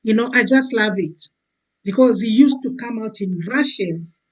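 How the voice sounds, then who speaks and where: A woman, a guest giving a testimony in relaxed chat, often saying "you know". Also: a little high, a little slow, husky, poor audio. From Zambia. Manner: warm, filler-heavy, keeps saying "you know".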